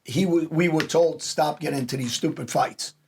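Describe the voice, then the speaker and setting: A man's voice: fairly high pitch, moderate pace, a little mellow, a little hiss or hum. A man, hosting a podcast and telling blunt, profane street stories in casual chat. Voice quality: gravelly and husky. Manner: blunt street talk with cursing. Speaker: podcast host.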